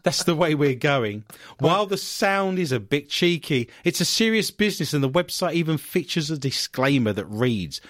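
Male radio host, animated pitch, dry close sound. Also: normal speed, no room sound. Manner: jokey and animated, breaks into silly bits. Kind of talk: playful radio banter.

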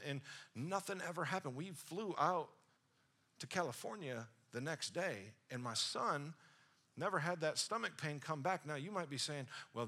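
A male pastor in his thirties, his voice slightly high, delivers a sermon. He tells a personal story that starts as a hushed retelling and swells into loud, excited preaching.

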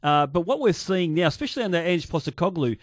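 A man co-hosts a sports talk radio show and thinks aloud with many stops and restarts. His voice sits a little high. The studio sound is dry and close. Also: lively intonation, fast, no room sound. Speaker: co-host.

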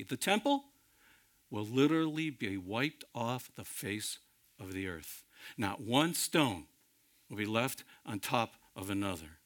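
A man preaching a sermon, addressing the listeners directly as friends, swinging dramatically between loud emphasis and hushed, intimate passages. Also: mid-range voice. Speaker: pastor.

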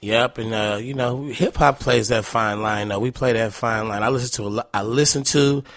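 A man's voice: mid-range voice, moderate pace, a bit bright, no echo, clean studio sound. A man guest telling casual, profane stories with frequent laughs. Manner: loose, profane, laughing anecdotes. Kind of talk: casual storytelling.

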